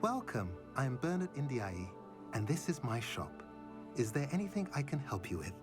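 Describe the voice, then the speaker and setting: A man's voice: medium pitch, huge pitch swings, moderate pace, music in the background. An actor playing a courteous male shopkeeper in a game, greeting customers politely. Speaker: game character.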